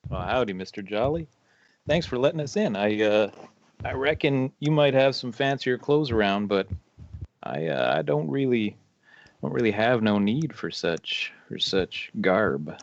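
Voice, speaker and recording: An easygoing cowboy adventurer, played by a man speaks in a slow, folksy drawl. His pitch swings widely as he talks, and the sound is muffled and lo-fi. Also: sing-song. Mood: polite, folksy.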